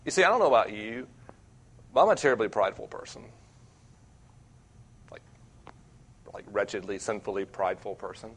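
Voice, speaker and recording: A young man preaching as a campus minister, earnest and self-deprecating, with wide swings between loud and quiet. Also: on the low side, big pitch swings, moderate pace, long pauses, husky. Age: young adult. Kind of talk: sermon.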